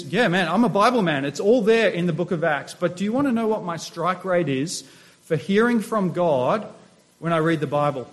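A man with a high-pitched voice preaches a sermon to his congregation. He is a middle-aged pastor who keeps asking his listeners questions as he teaches from scripture. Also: lively intonation, fairly quick. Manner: asks the congregation rhetorical questions.

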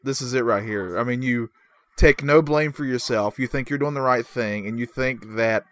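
A man's voice: medium pitch, normal speed. A man in a casual reaction chat who explains and analyzes what he watches. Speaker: co-host reacting to wrestling.

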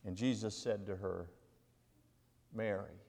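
In a church sanctuary, an interim lead minister with a lowish voice preaches a sermon, reading scripture aloud with dramatic pauses and emphasis. Each phrase is followed by a long reverb trailing through the large hall.

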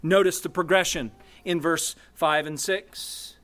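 A man delivers a sermon in a high voice. He speaks slowly and emphatically, breaking his points into short phrases and repeating key words with deliberate pauses. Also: fairly even intonation, fairly bright tone. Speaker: pastor.

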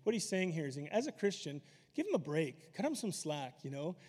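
A man preaching a casual, story-filled sermon with a slightly raised pitch. His voice rings out in a hall with long reverb. He talks easily to the congregation, drifting into asides. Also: very animated, a little fast, a little mellow, slightly rough. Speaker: pastor.

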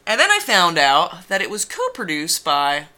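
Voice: medium pitch, huge pitch swings, normal speed, sharp tone. A co-host of a music review podcast, talking in a rambling, self-deprecating way with swearing. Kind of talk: casual music review chat.

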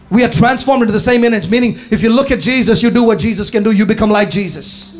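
A man preaching to a congregation as pastor, impassioned, swinging from shouts to hushed tones. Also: sits high, fast, hardly any pauses, faint music behind. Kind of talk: sermon. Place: church hall before a congregation.

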